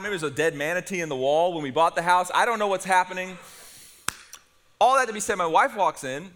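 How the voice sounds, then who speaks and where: A middle-aged man preaching a sermon, telling a story with lively humor to his congregation. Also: sits high. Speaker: pastor.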